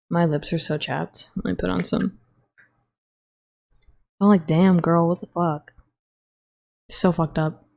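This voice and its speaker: A woman's voice: lowish voice, dark tone. A young woman hosting a podcast on her own, rambling in a casual, profane and blunt way. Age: young adult. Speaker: podcast host. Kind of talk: casual solo podcast chat.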